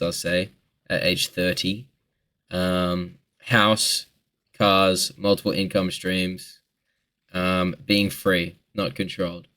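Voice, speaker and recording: Rambling Australian man, low-pitched. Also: a bit bright. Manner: rambling, joking, swears freely. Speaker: vlogger answering viewer questions. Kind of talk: casual chat.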